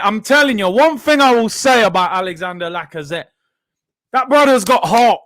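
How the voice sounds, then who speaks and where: A man reacting live to a football match as the host of a watchalong, excitable and slangy, breaking into shouts. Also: high voice, normal speed, no room sound, clean studio sound.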